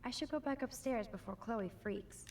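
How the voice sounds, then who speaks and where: A woman's voice: on the high side, normal speed, a little mellow. An actress voicing a shy, wry teenage girl photographer in a video game, with dry, understated asides. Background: game music.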